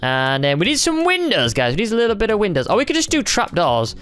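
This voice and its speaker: Excitable young man commentating gameplay. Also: high voice, quick pace, smooth, soft background music. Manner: chatty, excitable, thinks aloud while building. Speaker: gaming YouTuber.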